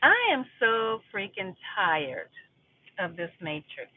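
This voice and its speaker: A woman's voice: fairly low pitch, sing-song, takes it slowly, breathy edge. A woman chatting casually to her viewers while driving home, rambling and calling them y'all. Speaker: vlogger live-streaming while driving. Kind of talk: casual live-stream chat. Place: inside a car. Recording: tinny phone-like audio with car noise.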